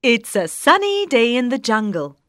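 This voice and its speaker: A woman reading a children's story aloud, slowly and clearly. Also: fairly high pitch, dry recording, clean studio sound. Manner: slow, clear, very lively.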